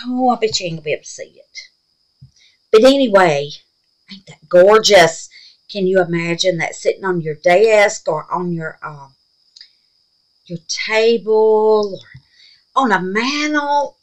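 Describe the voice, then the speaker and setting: A woman's voice: medium pitch, rough recording. An older woman with a Southern US accent hosting a casual crafting vlog, chatty and gushing, calling her viewers honey and babies. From Mississippi, USA. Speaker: resin craft channel host.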